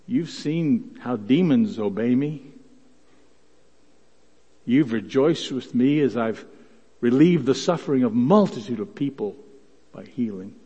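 Slow-preaching man in a reverberant church. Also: mid-range voice, expressive. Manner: storytelling, rising to loud dramatic quotes; repeats words, clears throat. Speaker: pastor. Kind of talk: sermon. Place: church sanctuary. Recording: dull sound, long church reverb.

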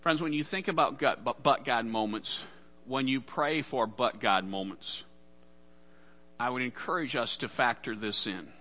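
A man's voice: medium pitch, unhurried, pushed and bright. A man preaching a sermon as pastor, casual and conversational, acting out the voices in Bible stories.

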